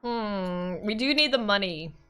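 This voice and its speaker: A woman streamer reading a visual novel aloud with expressive narration and laughing commentary. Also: mid-range voice, unhurried, clean tone, soft background music.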